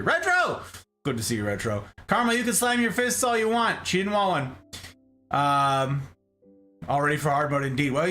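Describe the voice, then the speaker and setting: A man hosts a live stream and chats casually with his viewers. He greets them one by one and reads their comments aloud in a playful way. His voice sits a little high and swings widely in pitch, with faint music playing underneath. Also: a bit bright. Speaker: streamer host.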